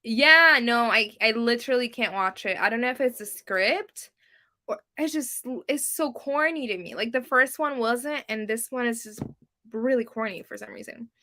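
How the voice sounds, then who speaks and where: Young woman, native Spanish speaker, casual stream chat, crisp bright tone, giggly, rambling. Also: fairly high pitch, moderate pace. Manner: chatty, giggly, self-deprecating, lots of ums and likes. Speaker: booktube livestream host. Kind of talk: casual live-stream chat reading comments.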